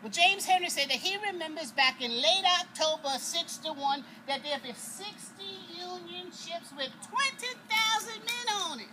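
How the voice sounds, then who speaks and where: A woman's voice: very high voice, lively intonation, normal speed, few pauses. A woman playing a folksy, proud freed slave woman who talks straight to her listeners, performing outdoors near a road. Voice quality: folksy dialect, chuckling, addresses listeners directly. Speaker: living history performer. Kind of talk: first-person historical character monologue. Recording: noisy outdoor recording with passing traffic.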